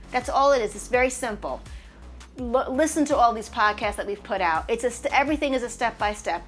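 A woman's voice: on the high side, a bit bright. A woman running coach giving an emphatic, motivational podcast talk that repeats its points and promotes herself, with faint music behind her. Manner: emphatic, repetitive, self-promoting.

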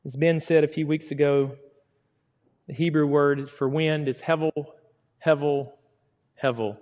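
A man's voice: a little high, fairly even intonation, a little slow, muffled recording. Man preaching in a big echoing hall. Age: middle-aged. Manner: dramatic, voices the preacher's words, swings from loud to hushed. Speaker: pastor. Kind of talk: sermon. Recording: long hall reverb.

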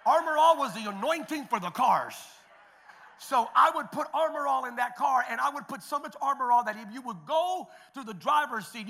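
A middle-aged male pastor preaching a sermon, moving between quiet, conversational storytelling with restarts and loud, shouted declarations. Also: extremely high pitch, a little hiss or hum. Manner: repeats words and restarts, conversational asides.

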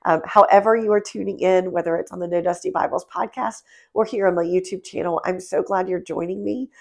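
Nasal, congested woman teaching the Bible. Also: lowish voice. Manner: friendly, explanatory, with frequent "um". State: congested from a sinus infection. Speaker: Bible study teacher and podcast host.

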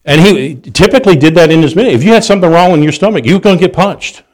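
A man preaching a sermon, telling stories with animated delivery, restarts and chuckles. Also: a little high, rapid-fire.

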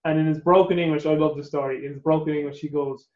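An Irish man hosts a casual interview, chatty and quick to swear, often stammering into repeated words. His voice sits a bit high. The sound is roomy and somewhat dull, like a remote call. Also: steady tone, darkish tone. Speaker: podcast host.

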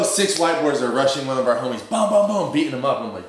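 A man's voice: mid-range voice, animated, a little fast, few pauses. A young man telling a rambling, profane story in slang, full of fillers. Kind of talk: casual storytelling. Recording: very echoey room.

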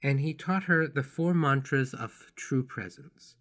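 A man hosting his own podcast, telling personal stories in a gentle, unhurried, tender way. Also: mid-range voice. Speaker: podcast host and author. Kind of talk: reflective personal podcast monologue.

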